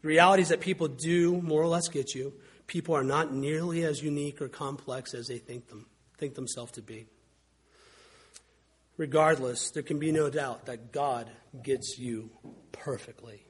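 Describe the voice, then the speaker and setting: A man's voice: medium pitch, husky. A man preaching a sermon as a pastor, telling wry stories in a conversational way. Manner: conversational, wry storytelling with mimicked quotes.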